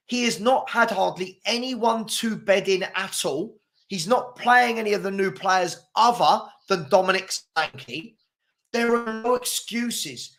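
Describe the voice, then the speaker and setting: A man hosting a heated football debate, forceful and insistent, talking over his guest. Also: high voice, measured pace, creaky. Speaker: host.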